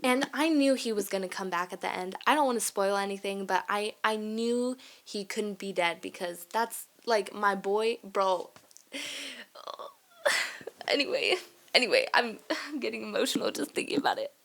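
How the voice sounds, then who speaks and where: A young woman talks straight to her viewers in a loose, rambling rant. She leans hard on her points with emphatic repeats, drifts off track and laughs along the way. Her pitch sits in an ordinary middle range. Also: unhurried, fairly bright tone. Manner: rambling and easily sidetracked. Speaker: vlogger. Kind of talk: casual rant monologue.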